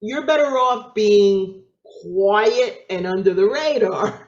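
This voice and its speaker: A woman's voice: expressive, slow, a little mellow. A woman with a New York accent, a guest on an interview show, telling her story with energy, acting out other people's voices and laughing often. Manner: acts out quoted voices with big pitch jumps, laughs often. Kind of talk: animated storytelling. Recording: echoey, dull lo-fi sound.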